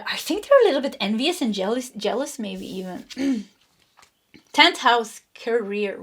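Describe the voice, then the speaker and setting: Middle-aged woman, tarot reader; chatty, repetitive delivery with frequent laughs, voice sits a bit high. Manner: chatty, laughs often, repeats phrases. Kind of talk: pick-a-card tarot reading.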